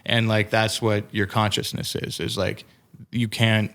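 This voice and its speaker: A man's voice: lowish voice, level tone, unhurried, a bit bright. A man hosting a podcast, explaining ideas thoughtfully in casual chat with many filler words. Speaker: podcast host.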